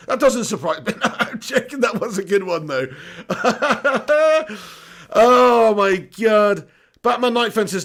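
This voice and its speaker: A man's voice: sits high, lively intonation, measured pace, a bit bright. A man hosting a live stream, reading viewer comments in casual chat, jokey and self-mocking with frequent laughs.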